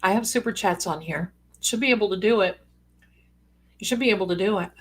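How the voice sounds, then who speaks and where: A woman's voice: medium pitch, brisk, husky. Chatty folksy woman streaming live. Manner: chatty, folksy, sassy asides. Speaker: psychic livestream host. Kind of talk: casual live-stream chat.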